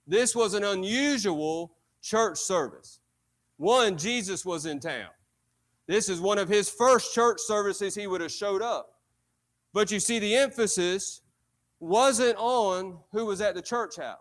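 A man's voice: sits high, unhurried, fairly bright tone. A man preaching a sermon in church, repeating phrases with building emphasis. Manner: preaching with emphatic repetition and rising intensity.

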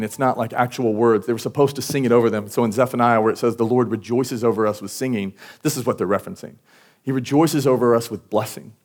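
A man's voice: mid-range voice, darkish tone. A young man preaching a sermon in a casual, conversational way, acting out quotes as he goes. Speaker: pastor.

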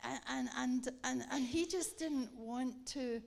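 A woman preaching a sermon, telling a lively story and acting it out with laughter. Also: high-pitched, takes it slowly, creaky. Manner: animated, acts out the story with laughter.

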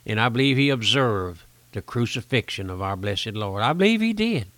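A man's voice: lowish voice, sing-song, moderate pace, a bit bright, no echo. An older man preaching a folksy radio sermon, pleading with the listener and rising to emphatic peaks.

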